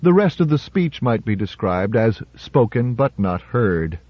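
A male narrator reading a story in a measured, dramatic way. The sound is dry and close, with a slightly muffled, dull tone. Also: mid-range voice, sing-song, slightly rough, dry recording. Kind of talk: audiobook narration. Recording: slightly muffled audiobook recording.

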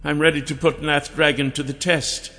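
A man reading an audiobook, voicing a haughty, mocking high priestess queen who speaks in a silky, condescending way. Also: level tone, normal speed, bright, forceful tone. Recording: long reverb with faint music.

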